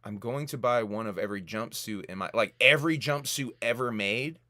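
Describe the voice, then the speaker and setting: A man's voice: fairly low pitch, fairly quick, sharp tone. A man in his thirties co-hosting a casual live-stream podcast, joking around and greeting viewers in the chat by name. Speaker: podcast co-host.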